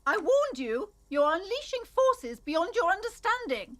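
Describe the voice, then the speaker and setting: Nervy shopkeeper lady, high and jumpy, pleady and pushy. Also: big pitch swings, a little slow, a bit bright, full character voice. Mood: anxious. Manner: anxious, coaxing, insistent. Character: nervous female bookshop owner, pleading and secretive. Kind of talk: video game voice acting.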